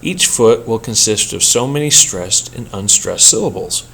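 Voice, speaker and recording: Measured man explaining poetic meter. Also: fairly low pitch, animated, gravelly, fairly bright tone, a little hiss or hum. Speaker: poetry workshop instructor. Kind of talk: scripted lecture narration.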